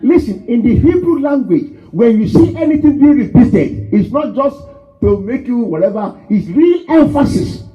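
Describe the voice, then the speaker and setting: A man preaches in a high, swooping voice that climbs into shouts and drums home each phrase again and again. The church recording sounds dull and lo-fi. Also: very animated, moderate pace, soft background music. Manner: emphatic, rising to shouts and repetition. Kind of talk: sermon. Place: church hall.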